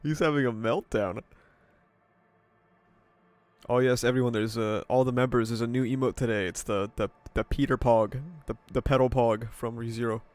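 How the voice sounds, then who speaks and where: A man's voice: medium pitch, fairly even intonation, normal speed, darkish tone. Laid-back stuffy-nosed young man streaming. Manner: laid-back, laughing, swearing, greets chatters by name. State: stuffy nose. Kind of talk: casual livestream chat with viewers. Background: video game soundtrack music.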